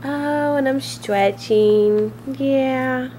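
High slow mom voice, sing-song baby talk, home camcorder video. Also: female voice, dark tone, a little hiss or hum. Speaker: mother. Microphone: handheld camcorder.

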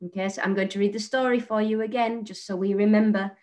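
A female primary teacher with a British accent records a lesson for young children. She speaks clearly and patiently, at a middling pitch, and keeps checking that they follow along. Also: steady tone, quick pace, a little mellow. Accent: British English. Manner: clear, patient and encouraging, often checking with "okay?".

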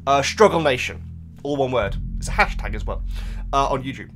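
A man's voice: medium pitch, lively intonation, fairly quick, fairly bright tone, soft background music. A man hosting a reaction channel, talking in a casual, emotional and rambling way with lots of restarts.

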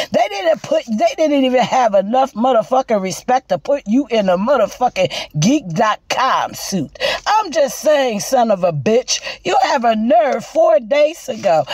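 Slow, mocking woman roasting someone. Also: fairly high pitch, a little mellow, no room sound. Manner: profane, mocking, theatrical. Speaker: commentary vlogger. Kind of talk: comedic roast commentary.

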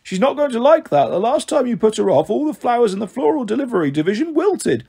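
A man's voice: very high-pitched, sing-song, fast, gravelly, mellow, husky, voice pushed up, exaggerated voice. A man voicing a prim, fussy female snake in a storybook reading. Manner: pleading, prim.

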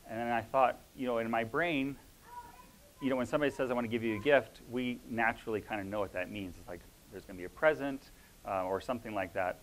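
A man sharing a spiritual reflection with a church congregation, talking in a reflective, halting way with many pauses and fillers. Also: medium pitch, fairly bright tone, a little hiss or hum, rough recording. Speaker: church member sharing a word. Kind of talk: informal sermon sharing.

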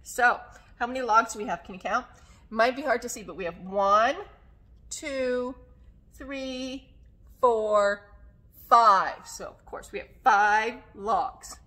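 Slow sing-song woman leading story time. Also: a little high. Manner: slow, sing-song and animated for small children; coughs now and then. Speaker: children's librarian. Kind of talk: children's story time with songs. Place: public library.

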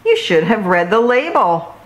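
A woman's voice: medium pitch, sing-song, unhurried, muffled recording, voice pushed up. A woman doing a fussy shopkeeper. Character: fussy, bossy female shopkeeper.

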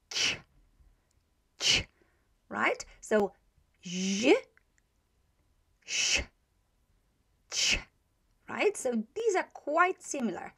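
A woman's voice: a little high, a bit bright, slightly rough. A woman teaching a pronunciation lesson. She demonstrates each sound patiently and repeats it several times, with frequent hesitations. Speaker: language teacher.

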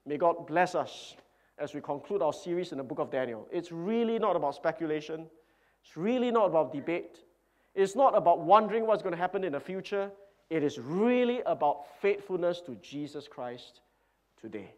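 Pastor delivering a sermon: an emphatic, earnest man with a slightly high voice and repetitive cadence. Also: lively intonation, normal speed.

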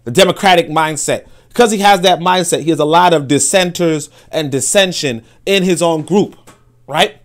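A man with a fairly high voice, talking in a loose, emphatic commentary style. He swears freely and often repeats himself while working out a point, driving each claim home. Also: moderate pace. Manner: emphatic, profane, repeats words while thinking. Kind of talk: casual commentary with read-aloud quotes.

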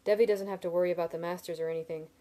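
A woman voicing an excitable young man who turns loud and shrill when alarmed. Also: racing, close to an everyday voice.

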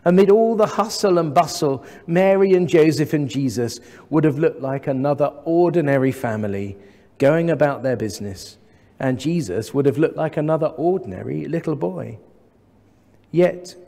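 English vicar preaching in a reverberant church. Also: male voice, fairly high pitch. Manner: measured, gently humorous preaching with rhetorical questions. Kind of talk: sermon. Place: large church.

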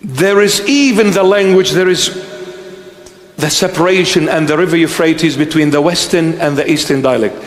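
Bishop guy preaching slow, high voice, long church reverb, repeats himself for emphasis. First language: Aramaic. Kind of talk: sermon. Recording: echoey church hall.

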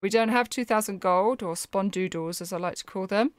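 A woman gives gameplay commentary in chatty, wry asides. Her voice sits at a middle pitch. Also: fairly quick, a little hiss or hum. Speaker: gameplay streamer. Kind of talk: let's play commentary.

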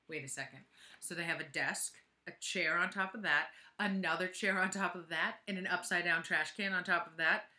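A woman's voice: on the low side, fairly even intonation, normal speed, pushed and bright. A woman reading a children's chapter book aloud with chatty asides, in an echoey room. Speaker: reader.

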